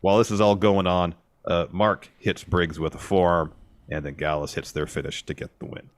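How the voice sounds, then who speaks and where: A man with a very low voice co-hosts a podcast, telling events in order at a steady clip and acting out what others said. The recording is dry and close. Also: moderate pace, no room sound. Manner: steady play-by-play retelling, acting out quotes. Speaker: podcast co-host. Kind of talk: casual wrestling recap chat.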